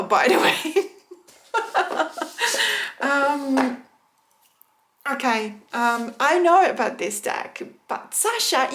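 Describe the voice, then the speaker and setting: A woman with a fairly high voice chats through a tarot deck unboxing for her viewers. She is excitable and talkative and breaks into laughter often. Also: vocal fry. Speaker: tarot vlogger. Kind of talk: casual unboxing chat.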